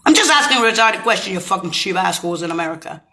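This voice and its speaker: A woman delivering a bitter, profane, rambling rant straight to camera, swinging between shouting and low muttering. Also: lively intonation, rapid-fire.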